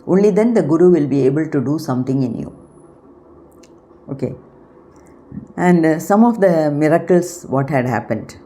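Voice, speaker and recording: Low-voiced woman giving a spiritual talk. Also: animated, warm tone. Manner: unhurried, explanatory, pausing often to search for words. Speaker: spiritual channel host.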